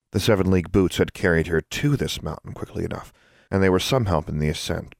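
A man narrating an audiobook in a steady, even storytelling voice. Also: sits low, creaky, dry recording, studio quality.

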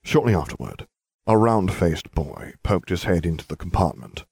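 A man's voice: low-pitched, sing-song, moderate pace, a little mellow, slightly rough, no echo. A man reading first-person fiction aloud with dry, wry narration. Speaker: audiobook reader.

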